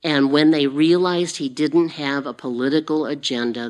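A woman preaching a sermon in an unhurried, repetitive way with fillers and restarts. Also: low voice, fairly even intonation, darkish tone.

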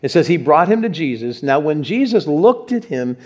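A male pastor giving a sermon, telling stories in an animated way and putting questions to his congregation. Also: a little high, normal speed. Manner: animated storyteller, acts out quotes, asks the audience questions. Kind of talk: sermon with personal storytelling.

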